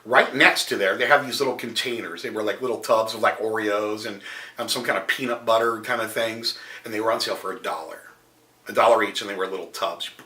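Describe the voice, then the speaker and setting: A man's voice: on the low side, fairly even intonation, brisk, sharp tone, echoey room. A man giving a motivational business coaching tip, speaking straight to viewers as an upbeat storyteller.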